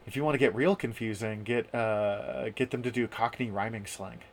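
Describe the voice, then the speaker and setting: A man co-hosting a podcast in casual chat, talking in a chatty, self-deprecating way with halting restarts. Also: fairly low pitch, slight background noise. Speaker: podcast co-host.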